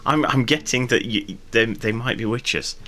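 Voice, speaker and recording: A man playing a tabletop game, talking in a playful, halting way with restarts. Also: mid-range voice, sharp tone. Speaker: player.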